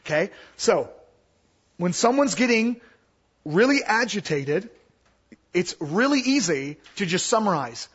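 Husky, animated man teaching. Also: high voice, unhurried, highs cut off. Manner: animated, acts out quoted voices. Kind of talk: Bible teaching.

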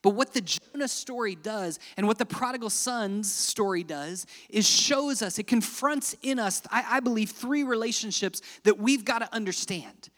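A man preaching a sermon, swinging dramatically between loud emphatic lines and hushed, quiet ones. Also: sits high, moderate pace, hardly any pauses, long reverb tail. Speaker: pastor.

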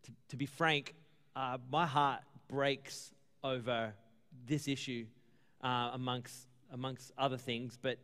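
A man's voice: mid-range voice, fairly bright tone, long reverb tail. A man preaching a sermon as pastor, earnest and conversational, acting out little exchanges with churchgoers. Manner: conversational, earnest, acts out dialogue.

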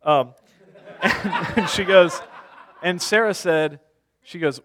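A man's voice: on the high side, animated, slow, long pauses, fairly bright tone. A man in his thirties preaching a sermon as a pastor, conversational, telling stories with self-deprecating humor.

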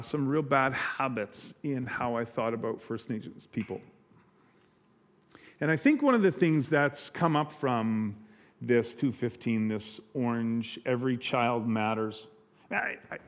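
Middle-aged male pastor, earnest sermon delivery, halting with frequent restarts, average pitch. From Canada.

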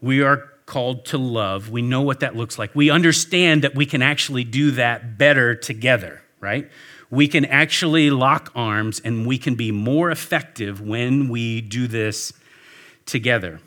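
A man's voice: medium pitch, measured pace, pushed and bright. A man preaching a sermon, telling a story earnestly and leading a prayer. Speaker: pastor.

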